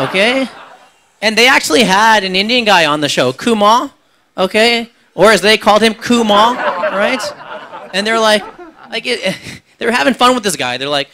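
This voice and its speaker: Bright-voiced stand-up comedian. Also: male voice, high voice, lively intonation. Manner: quick, chatty, ribbing the audience with tag questions. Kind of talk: live stand-up with crowd work. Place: cafe.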